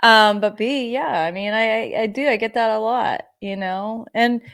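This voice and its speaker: Woman podcast host, casual chat, animated storyteller, swears freely. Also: on the high side, moderate pace.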